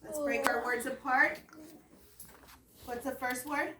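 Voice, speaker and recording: Woman teacher, slightly high voice, encouraging and patient, echoey classroom picked up from a distance, noisy. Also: fairly even intonation, slow pace, bright, forceful tone. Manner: encouraging, patient, step-by-step directions. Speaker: elementary school teacher. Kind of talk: classroom instruction. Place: school classroom.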